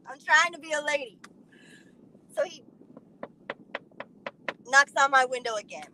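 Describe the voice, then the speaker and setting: High bright-voiced woman, blunt, cussing a lot, animated story time. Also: a little slow, long pauses, a little hiss or hum, low-quality recording. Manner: blunt and animated, swears freely. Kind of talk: casual profane storytelling.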